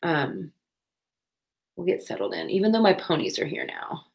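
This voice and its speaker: A woman's voice: on the low side, animated, normal speed, vocal fry. A woman, chatting casually on a crafting livestream, with playful asides.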